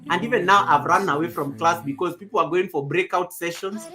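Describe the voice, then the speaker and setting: A young woman from Kenya hosting a casual livestream, talking loudly and warmly greeting viewers by name. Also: lowish voice, fairly quick. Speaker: livestream host. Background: background music.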